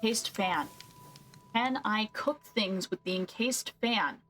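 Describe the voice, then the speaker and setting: A woman's voice: mid-range voice, slow pace, over music. A woman streaming a game, thinking aloud and questioning herself as she works through a problem. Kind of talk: casual gameplay commentary.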